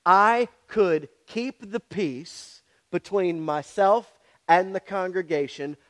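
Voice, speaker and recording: A man's voice: high-pitched, takes it slowly, fairly bright tone. A pastor preaching a sermon, speaking directly and challenging his congregation with repeated questions.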